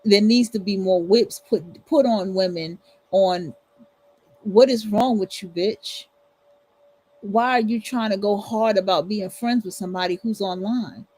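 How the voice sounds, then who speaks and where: Woman, husky, blunt profane rant, casual livestream host. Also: mid-range voice, a little slow, darkish tone, soft background music, poor audio. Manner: blunt, profane, emphatic repetition. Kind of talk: casual ranting commentary.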